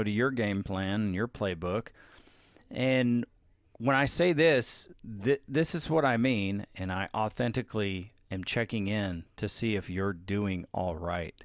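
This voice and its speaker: Male co-host, slightly low voice, dry close sound, candid confessional talk. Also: no echo. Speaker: podcast co-host with his wife. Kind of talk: casual chat.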